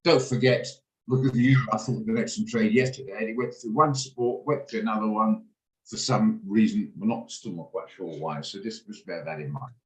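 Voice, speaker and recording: Talking a little fast in a fairly low voice, a middle-aged man hosts a trading room and walks through trades in a chatty, meandering way full of restarts. The sound is poor and echoey, captured on a video call.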